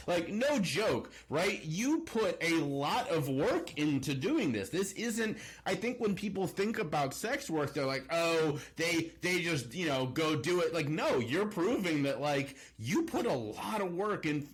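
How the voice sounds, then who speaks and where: Higher-voiced male podcast host. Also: very animated, a little slow, hardly any pauses. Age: 30s. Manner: affirming, hesitant with repeated words. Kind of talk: casual interview chat.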